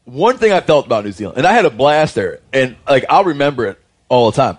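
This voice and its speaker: A man's voice: mid-range voice, very animated, fast. Chatty man with a loose way of talking. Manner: chatty, loose, full of "like" fillers. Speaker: podcast host. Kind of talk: casual chat.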